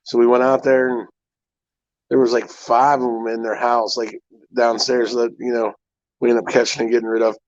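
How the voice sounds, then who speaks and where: A man telling stories on a relaxed live stream, stringing them together with "I'm like" and "he goes." His voice sits at a middling pitch. The sound is dry and a bit dull, like lo-fi stream audio. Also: normal speed, no echo. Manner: rambling storyteller, fillers like "I'm like". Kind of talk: casual chat.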